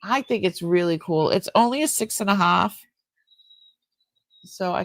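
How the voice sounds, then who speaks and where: An older woman hosting a live jewelry sale stream, chatting casually and warmly with her viewers. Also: on the low side, lively intonation, unhurried, vocal fry, long pauses, no echo. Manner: chatty and warm-hearted, easily moved.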